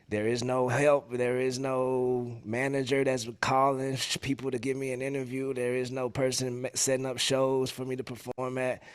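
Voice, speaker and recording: A man, a musician guest, talking in casual podcast chat, relaxed, slangy and heartfelt. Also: medium pitch, clean tone, no room sound, clean studio sound.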